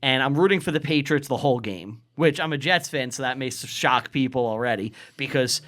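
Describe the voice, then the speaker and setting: A man's voice: mid-range voice, fairly quick, fairly bright tone. A man telling a long story on a podcast, casual and profane, acting out what people said. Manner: rambling, profane, acts out quotes. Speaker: guest storyteller.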